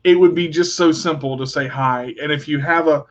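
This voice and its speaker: A man's voice: a little high, normal speed, dull audio. Stammering, joking man hosting a radio show. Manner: stammering restarts, joking storyteller. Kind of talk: casual conversation.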